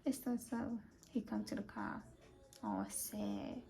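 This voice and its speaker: A woman's voice: mid-range voice, wildly swooping pitch, slow, mellow, faint music behind. A young woman vlogger telling a personal story in a chatty way, full of fillers and often dropping to a half-whisper. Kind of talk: casual storytime vlog.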